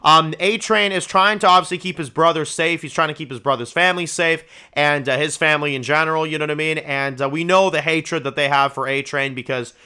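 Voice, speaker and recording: A man hosting his own review channel, talking through a show in a casual, rambling, excitable way, with lots of swearing and "you know"s. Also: fairly high pitch, a little fast, few pauses, clear, resonant tone.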